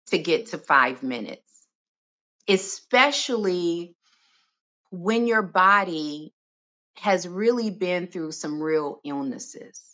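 A woman speaking as a self-love expert in a podcast interview, expressive and animated, sometimes dropping to a soft reflective tone. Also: on the low side. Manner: animated and expressive, acting out inner voices with laughs.

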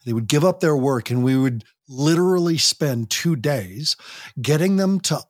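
A man's voice: on the high side, animated, normal speed, a little mellow, dry recording, studio quality. A man guest on a podcast interview, talking animatedly and acting out parents and teens in quoted voices. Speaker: guest, youth program director.

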